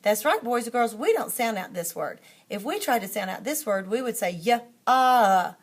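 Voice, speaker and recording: A woman's voice: on the high side, sing-song, fairly quick. A woman teacher trainer demonstrating a classroom lesson, modeling call-and-response reading drills and explaining the method to other teachers.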